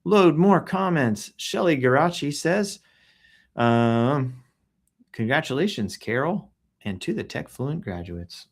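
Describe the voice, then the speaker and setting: A man hosts a relaxed live stream, reading out news items and viewer posts. His delivery is offhand and playful, broken up by hummed sound effects and frequent throat clearing. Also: fairly high pitch, slow pace. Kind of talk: casual live-stream commentary. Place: at home in Texas.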